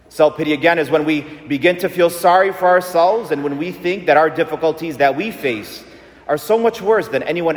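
Male pastor, high voice, emphatic call-and-response sermon, reverberant church hall. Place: large church.

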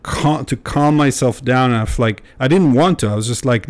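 A man's voice: medium pitch, normal speed. Candid rambling young man on a podcast. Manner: candid, rambling, with frequent fillers and swearing. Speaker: podcast host. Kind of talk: casual podcast chat.

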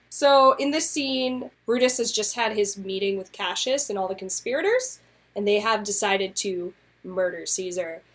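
A woman's voice: medium pitch, animated, a little slow, fairly bright tone. Chatty woman co-hosting a podcast. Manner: chatty, explains, laughs often. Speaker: podcast co-host. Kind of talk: casual podcast chat.

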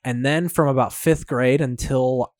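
Young man, loose profane chat, mid pitch, dry close mic. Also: fairly even intonation, a little slow, a little mellow, no room sound. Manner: profane, laughing, uses "dude" a lot. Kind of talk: casual chat.

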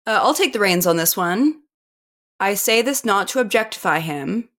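A woman co-hosting a casual sports podcast, animated and quick to laugh. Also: medium pitch. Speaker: podcast co-host.

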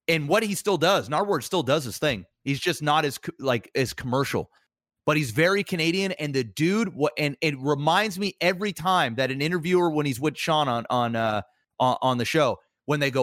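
Excitable swearing man, lively pitch. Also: no echo, clean studio sound. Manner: excitable storyteller, swears a lot, says "bro" and "dude". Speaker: podcast co-host. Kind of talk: casual chat.

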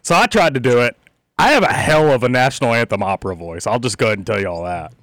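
A man's voice: medium pitch, lively intonation, quick pace, fairly bright tone, dry recording. A man co-hosting a sports radio show, bantering in a laid-back, playfully boastful way. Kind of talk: casual banter.

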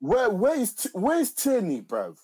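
A man's voice: high-pitched, huge pitch swings, moderate pace, dark tone, slightly rough. A man, exasperated and ranting in casual football banter, ending lines with "bruv". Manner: exasperated, repeats "bruv" constantly. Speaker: co-host reacting to a match.

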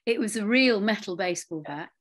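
A middle-aged woman recounts her stories in a casual interview. She talks with a lively storyteller's manner and drops into quiet asides. Her pitch sits mid-range for a woman. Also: fairly quick. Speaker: interviewee, actress. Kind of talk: anecdotal interview chat.

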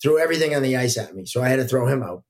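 A middle-aged man chats as a podcast guest, telling long referee stories in an easygoing, rambling way. His voice sits at an ordinary middle pitch, and he pads his thoughts with plenty of casual fillers. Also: rapid-fire. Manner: relaxed, anecdotal, frequent fillers.

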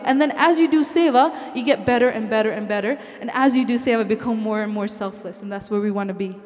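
Earnest high-voiced woman in a hall. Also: a little mellow. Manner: earnest and heartfelt, slips Punjabi phrases into English. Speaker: speaker at a Sikh community event. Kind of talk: inspirational talk to a congregation. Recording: long hall reverb.

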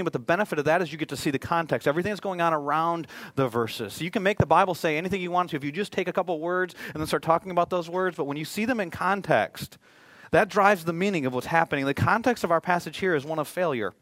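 A man's voice: a little high, fast talker, a bit bright, no room sound. A male pastor preaching a sermon in a conversational way, with joking asides.

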